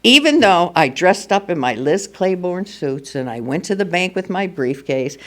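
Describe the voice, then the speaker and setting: A woman's voice: lowish voice, big pitch swings, normal speed. An older woman speaking at a recovery meeting, telling her personal story candidly and with humor. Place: meeting room at a school.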